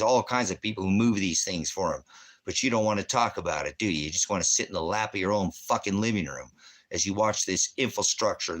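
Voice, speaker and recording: A man's voice: lowish voice, fairly bright tone. A man, a veteran and former police officer, ranting heatedly with constant profanity. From United States. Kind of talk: angry ranting monologue.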